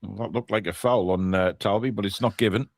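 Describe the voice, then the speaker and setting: A man's voice: fairly low pitch, quick pace, no room sound, clean studio sound. A man co-hosting a live football watchalong, giving chatty play-by-play with jokey asides. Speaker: watchalong co-host. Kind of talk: live match watchalong commentary.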